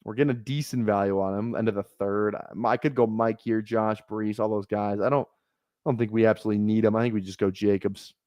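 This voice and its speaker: A man's voice: lowish voice, steady tone, a little fast, darkish tone, no room sound, clean studio sound. A man giving casual live-stream commentary on his fantasy football draft, rambling and correcting himself as he thinks aloud.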